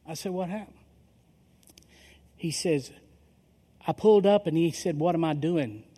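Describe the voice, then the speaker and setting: A man's voice: fairly high pitch, measured pace, warm tone, breathy edge. A middle-aged male pastor telling a story in a sermon, acting out the dialogue of the people in it. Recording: long reverb of a large hall.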